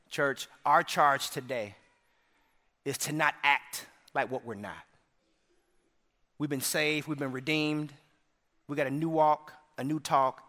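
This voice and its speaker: A man preaching to his congregation, his voice pitched a little high and ringing bright and forceful. He swings from shouts to near-whispers and keeps checking in with the room. A long church reverb trails every phrase. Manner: dynamic preaching, swinging from shouts to hushed lines. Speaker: pastor. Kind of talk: sermon. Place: church sanctuary.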